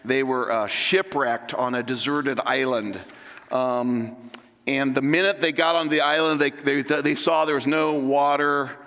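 Bright-voiced man preaching in a hall. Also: mid-range voice, unhurried. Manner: energetic, joking and conversational. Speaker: pastor. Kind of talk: sermon.

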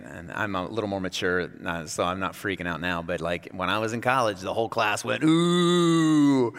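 Lively preacher man in a reverberant hall. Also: on the high side. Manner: lively storytelling preacher, conversational, acts out quotes. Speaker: pastor. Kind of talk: sermon.

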